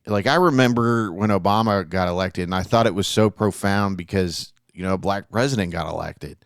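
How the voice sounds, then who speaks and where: Low-voiced man in earnest podcast chat. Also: fairly quick, clean tone, dry recording, studio quality. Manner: earnest, rambling, profane, trails off with fillers. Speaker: podcast co-host. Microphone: studio mic.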